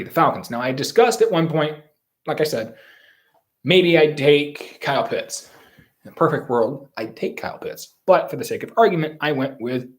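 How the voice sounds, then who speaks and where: A man giving solo football draft commentary in an opinionated, rambling and emphatic way. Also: medium pitch. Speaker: sports commentator.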